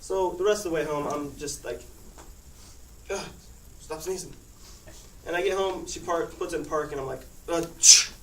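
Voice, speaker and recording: A teenage boy with a fairly high male voice, speaking at normal speed but with long pauses, tells his class a meandering personal story, laughing frequently. The casual anecdote was captured noisily by a distant mic in an echoey space.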